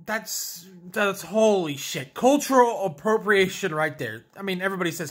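A man's voice: sits high, expressive, moderate pace, few pauses. A man reviewing potato chips in a casual vlog, ranting sarcastically, swearing and restarting his sentences. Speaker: food reviewer. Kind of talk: casual vlog taste test.

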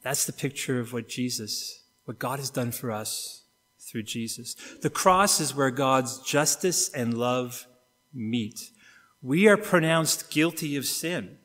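A middle-aged Canadian pastor delivers a sermon, using vivid stories and acting out what each person says. His voice has a middle pitch, and it carries a long reverb through the church hall. He moves from hushed, slow lines to louder, quicker bursts. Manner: storytelling with acted-out quotes, wide swings in loudness and pace. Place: church sanctuary.

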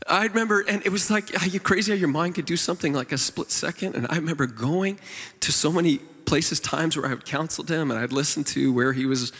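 A middle-aged man preaches in a big conference hall, and his voice rings out with a long reverb. His pitch sits a little high for a man. He tells a personal story in an earnest, tender way, with plenty of fillers and restarts. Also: a little fast, a bit bright, slightly rough. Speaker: worship leader preaching at a conference. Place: large church conference hall.

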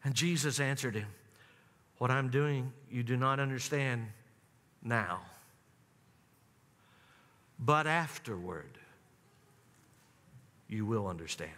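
A man preaching a sermon, telling the story dramatically and swinging from high, loud emphasis down to low, hushed lines. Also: takes it slowly, pauses often. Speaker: pastor. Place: church sanctuary. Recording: long church reverb.

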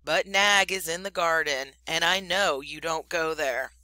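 A woman voicing a brave young male mongoose who speaks in a brisk, scornful, commanding way while reading a story aloud. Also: low-pitched, bright, forceful tone, no echo.

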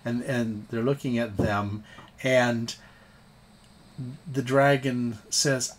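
A man narrating a tabletop game as game master, halting and often repeating words. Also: medium pitch, fairly even intonation.

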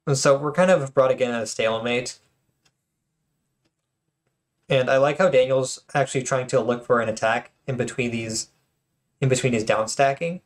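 This game-replay commentator talks fairly quickly in a mid-range voice, keeping it casual. He frequently stumbles and restarts his words, adding sheepish apologies along the way.

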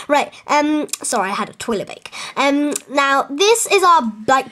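A woman's voice: high-pitched, lively intonation, normal speed, few pauses, a bit bright. A young woman clowning as a scatterbrained stable owner on a home-video tour, full of whoops and "like" fillers. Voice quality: giddy, squealing whoops, valley-girl "like" fillers. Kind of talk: silly improvised home-video comedy tour.

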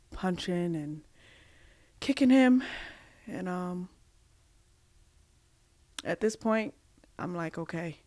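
A woman from Massachusetts, a podcast guest, telling a personal story haltingly with many fillers and restarts, acting out the dialogue she quotes. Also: on the low side, a little mellow, no echo.

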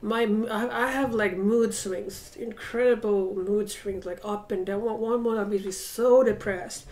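In a mid-range, slightly mellow voice with a steady tone, a woman delivers a casual vlog monologue at a measured pace. She addresses a camera set up across the room at home, rambling and reflecting with frequent pauses.

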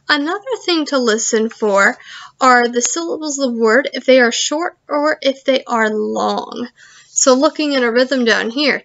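A woman teaching a virtual music lesson to young children, giving slow, clear instructions. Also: high voice, a bit bright, lo-fi sound.

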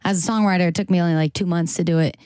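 A woman's voice: fairly low pitch, steady tone, racing, a little mellow, clean tone, no echo. Bubbly young American woman, dry sound. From Massachusetts, US. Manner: bubbly, laughs often, acts out quotes. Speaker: guest singer-songwriter. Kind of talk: casual interview chat.

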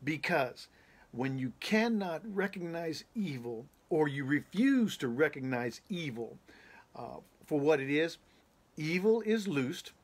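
A man voicing a slow solemn angelic voice. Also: a little high, lively intonation. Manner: slow, measured, proclaiming. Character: solemn heavenly voice, an angel speaking judgment.

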